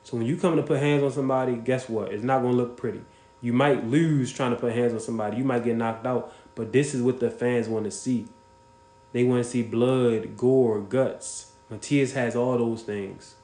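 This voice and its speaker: A man's voice: medium pitch, steady tone, moderate pace, reverberant. A man hosting a casual livestream, talking bluntly and with plenty of swearing while thanking viewers by name. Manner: blunt, profane, shouts out viewers. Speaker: livestream host.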